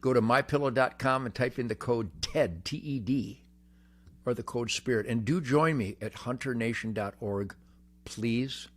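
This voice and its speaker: An older man hosting a rambling, boastful monologue, brash and cocky, swinging from booming shouts to low mutters. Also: moderate pace. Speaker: host.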